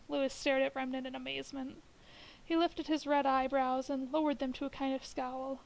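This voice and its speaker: A woman reading a classic horror story aloud in steady, unhurried narration on a live stream. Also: high voice, vocal fry, low-quality recording.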